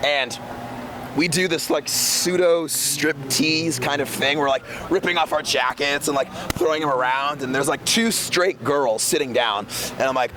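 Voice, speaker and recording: A man's voice: on the high side, unhurried, a crowd in the background, poor audio. A young man from the San Francisco area telling a rambling, profane tour story in a laid-back, casual way, with lots of fillers. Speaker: touring metal band member. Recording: loud traffic noise outdoors.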